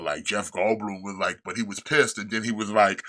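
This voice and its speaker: A man hosting a podcast, retelling a series in casual chat with rambling, profane storytelling and quick restarts. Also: on the low side, steady tone, pushed and bright. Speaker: podcast host reviewing a show.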